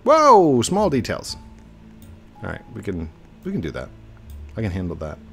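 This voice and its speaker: A young man giving chatty, excitable live commentary while he plays a game, breaking into baby talk with his in-game dog. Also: deep voice, normal speed, vocal fry, faint music behind. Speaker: gaming streamer. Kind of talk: casual live gameplay commentary. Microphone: desk mic with webcam.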